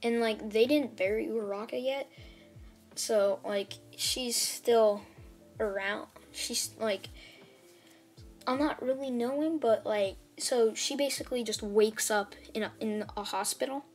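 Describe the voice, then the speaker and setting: A woman's voice: fairly high pitch, measured pace, faint music behind. A woman casually retelling a fan story, rambling and hesitant, with many restarts and "like"s.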